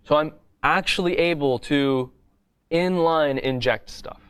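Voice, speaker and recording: A man's voice: on the high side, slow pace, a bit bright, smooth. A man teaching a coding bootcamp lecture in a classroom, explaining step by step in a casual way and often asking "right?".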